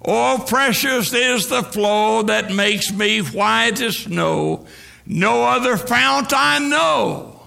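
A man preaching a sermon with a gravelly voice, building repeated refrains in a rhythmic, drawn-out cadence. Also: high-pitched, bright, forceful tone.

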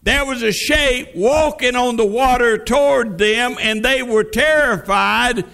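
High-voiced man preaching slowly. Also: gravelly, bright, forceful tone. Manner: vivid storytelling, dramatic drops in pitch. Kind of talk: sermon.

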